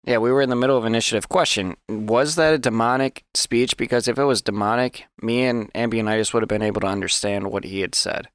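A man's voice: medium pitch, quick pace, few pauses, no room sound, studio quality. A man on a tabletop game podcast, joking and arguing in casual banter. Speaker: player.

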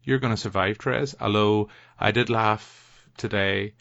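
Northern irish guy hosting a pod, teasing banter, deepish voice, dry muffled sound. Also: steady tone, normal speed, vocal fry, fairly bright tone, dry recording. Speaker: podcast host. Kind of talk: casual chat.

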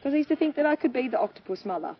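A woman, a farmer and mother speaking candidly as an interview guest, animated and laughing often as she acts out quoted voices. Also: high-pitched, racing. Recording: dull lo-fi sound with faint noise.

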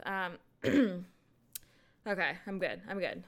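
A young woman hosts a solo podcast, chatting casually into her microphone. She talks slowly and rambles, full of fillers and little laughs. Her voice is smooth and clear, sitting at a middle pitch. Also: fairly bright tone. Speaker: podcast host.

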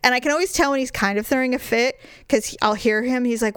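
A woman's voice: a little high, steady tone, fast talker, fairly bright tone, clean tone, dry recording, studio quality. A woman in her thirties, a stay-at-home mom co-hosting a casual chat podcast, blunt and profane as she tells stories and acts out quotes. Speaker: podcast co-host.

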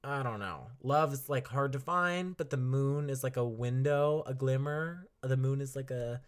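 A young man talks through an album on his solo podcast, loose and chatty, full of fillers and little laughs. His voice sits at an ordinary middle pitch. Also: moderate pace, smooth. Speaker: podcast host reviewing an album. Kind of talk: casual solo podcast talk.

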